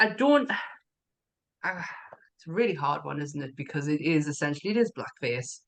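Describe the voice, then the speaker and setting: A woman's voice: deep voice, expressive, normal speed, vocal fry, fairly bright tone. A woman co-hosting a casual podcast chat, candid and sweary, laughing often. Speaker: podcast co-host.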